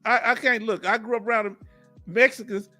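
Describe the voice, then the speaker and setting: A man's voice: high-pitched, steady tone, moderate pace, pushed and bright, faint music behind. A man from Houston with a Southern Texas accent, hosting a casual live stream and joking with his viewers, laughing often. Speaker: veteran livestream host.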